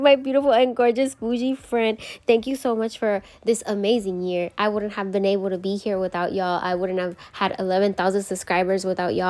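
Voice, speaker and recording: A bubbly young woman walks her viewers through a nail tutorial in a chatty, gushing way. She talks to the camera like a friend, bright and excitable, in a casual vlogging style. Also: medium pitch. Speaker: beauty vlogger.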